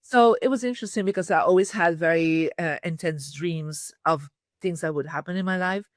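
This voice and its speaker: A woman guest in a podcast interview, telling lively stories and acting out quoted dialogue. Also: on the low side, normal speed, dry recording, clean studio sound. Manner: animated storyteller, quotes dialogue. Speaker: podcast guest, feng shui teacher. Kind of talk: casual interview storytelling.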